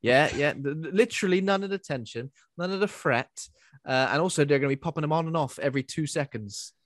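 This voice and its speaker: A man's voice: on the high side, fast, dry recording, clean studio sound. A man co-hosting a casual film review chat with wry, sarcastic asides. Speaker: podcast co-host.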